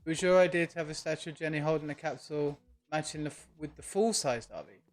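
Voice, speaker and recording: Casual guy streaming a game, thinks out loud, talks back to viewers, a bit higher voice. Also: fast. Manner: chatty, thinks aloud and answers viewer chat. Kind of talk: relaxed live-stream gaming chat. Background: faint lo-fi music.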